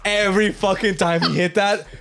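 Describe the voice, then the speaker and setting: A man's voice: sits high, fairly even intonation, moderate pace, vocal fry, fairly bright tone. A young man co-hosting a podcast, joking, laughing often and steering the chat. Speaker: podcast co-host. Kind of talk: casual comedic chat.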